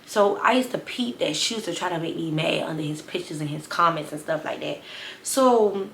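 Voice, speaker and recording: A woman's voice: low voice, moderate pace, vocal fry, slight background noise. Sassy young woman in a roomy echo. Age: 20s. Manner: sassy, animated storytelling to viewers. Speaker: vlogger. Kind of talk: storytime vlog.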